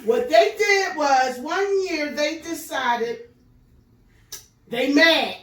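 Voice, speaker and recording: A woman hosting a casual chat show, telling an animated, profane story and laughing through it. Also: high voice, extremely slow, echoey room, distant mic. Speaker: show host.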